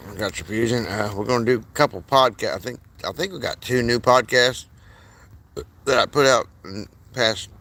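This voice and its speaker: Guy streaming, rambling all over, crude outbursts, bright edgy voice. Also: mid-range voice, creaky. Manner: erratic, crude, mumbling asides. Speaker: streamer host. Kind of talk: rambling livestream chat.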